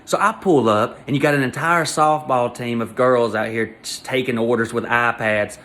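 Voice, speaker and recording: A man telling an embarrassing story as a comedy monologue, in an animated, exasperated rant full of crude jokes. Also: mid-range voice, moderate pace.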